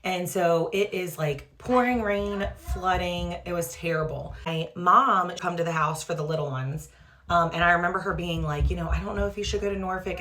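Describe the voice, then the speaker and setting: A woman in her thirties, a mother, casually retells a frightening family story for her vlog, peppering it with "like" and "um." Her voice sits on the low side with a fairly bright tone, and she tries out a skincare product as she talks.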